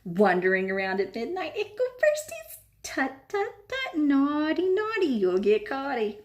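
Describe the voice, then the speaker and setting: A woman's voice: high-pitched, big pitch swings, unhurried, voice pushed up. A woman voicing a mischievous male poltergeist who taunts in a sing-song way. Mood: taunting sing-song.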